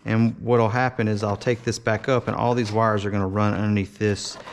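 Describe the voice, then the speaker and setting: Low gravelly man rambling through a build. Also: level tone, fairly quick, a little hiss or hum. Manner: rambling, lots of uh and um, restarts. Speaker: hobbyist building a model. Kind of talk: casual workshop show-and-tell.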